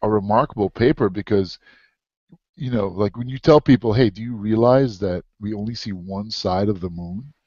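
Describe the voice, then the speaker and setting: A man's voice: on the low side, normal speed, no echo. A man in a casual conversation, telling stories eagerly. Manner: eager storyteller, animated. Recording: dull lo-fi audio, dry.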